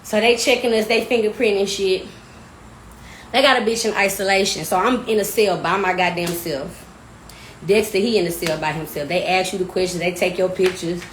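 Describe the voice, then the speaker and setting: A young woman from telling a wild storytime vlog, loud and animated, laughing, with casual slang and plenty of swearing. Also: medium pitch, normal speed, slight background noise. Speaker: vlogger. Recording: echoey room with faint ambience.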